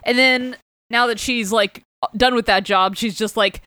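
A woman's voice: fairly high pitch, steady tone, measured pace, sharp tone, clear, resonant tone, no room sound. A woman recapping a book in casual chat, swearing freely and acting out quotes in a raised voice. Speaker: podcast co-host.

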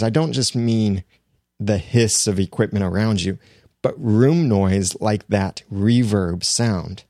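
A man explaining podcast recording in a relaxed, conversational teaching manner, close to a studio microphone. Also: on the low side, no echo. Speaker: podcasting instructor. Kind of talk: instructional explainer. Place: small home studio room.

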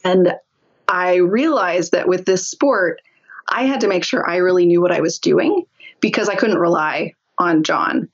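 A woman's voice: on the low side, lo-fi sound. Laughing woman telling a story. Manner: lively, laughs often while telling. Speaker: guest. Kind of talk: casual storytelling interview.

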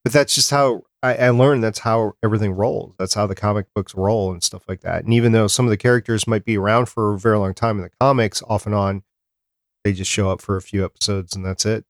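A man hosting a podcast in casual chat, relaxed and making joking asides. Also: on the low side, fast, no room sound, clean studio sound. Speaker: podcast host.

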